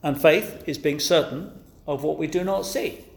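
A man's voice: on the high side, normal speed, creaky. A man preaching a sermon, earnest and pleading, pressing his listeners with rhetorical questions. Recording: echoey room.

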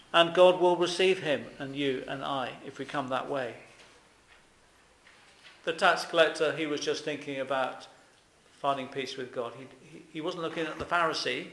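A man's voice: fairly high pitch, moderate pace, fairly bright tone, reverberant. A man preaching a sermon earnestly, with emphatic repetition and rhetorical questions to his congregation.

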